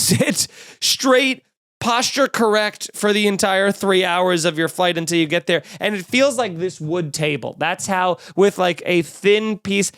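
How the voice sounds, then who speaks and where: Snarky man ranting, smooth clear voice. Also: high voice. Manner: snarky, animated, mocking voices in quotes. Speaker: comedian podcast host. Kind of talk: comedic rant.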